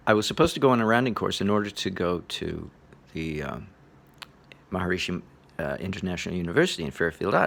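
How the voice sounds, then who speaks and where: A man giving a relaxed spoken lecture on meditation, chuckling often in a loose, playful way. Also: fairly low pitch, creaky. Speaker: meditation teacher.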